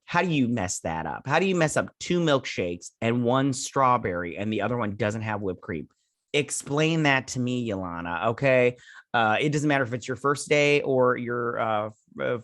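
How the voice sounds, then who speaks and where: A man's voice: mid-range voice, a bit bright, no room sound, studio quality. A man casually recapping and reviewing a TV episode, rambling through scenes with quoted lines and lots of fillers. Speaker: host.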